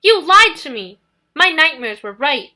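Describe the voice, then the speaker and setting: A woman voicing a grief-stricken young boy who shouts accusations as his voice breaks. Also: high-pitched, lively intonation, unhurried, voice pushed up, exaggerated voice. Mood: accusing.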